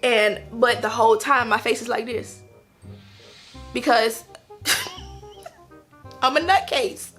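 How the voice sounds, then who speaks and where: A woman casually telling a personal story to camera, animated, acting out quotes in a higher voice and laughing between lines. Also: takes it slowly, pauses often, soft background music.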